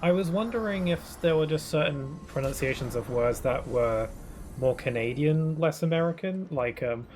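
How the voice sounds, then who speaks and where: A man's voice: on the high side, lively intonation, moderate pace, a little mellow, a little hiss or hum. A British man who streams games, chatting casually with his viewers in a rambling way, restarting his sentences often. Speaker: game streamer. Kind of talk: casual live-stream chat while gaming.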